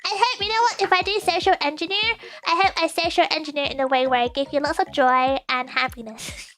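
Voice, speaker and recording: A woman's voice: high-pitched, fairly even intonation, brisk, a bit bright. A young woman hosting a casual live stream, teasing her chat playfully, laughing often and stumbling over her words. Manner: playful stammering restarts. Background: faint background music.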